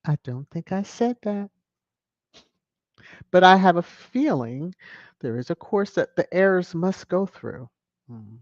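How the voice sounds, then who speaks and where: A woman hosts a relaxed livestream and reads out viewer comments at an unhurried pace. She teases and chuckles as she goes. Her voice comes through slightly muffled and dry, with no room sound. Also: on the low side, dry recording. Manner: playful, chuckling, teasing asides. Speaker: livestream host. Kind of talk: casual livestream chat, reading viewer comments.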